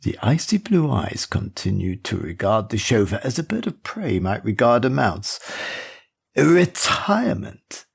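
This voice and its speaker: A man narrates an audiobook in a low, husky voice that rises and falls in a lively way. His scripted storytelling is measured and expressive.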